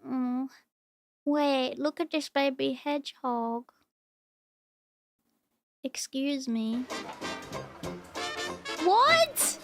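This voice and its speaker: High-voiced woman cooing over animal videos. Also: steady tone, very slow, long pauses, a little mellow, no echo, faint music behind. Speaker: VTuber streamer. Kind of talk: casual stream chat reacting to videos.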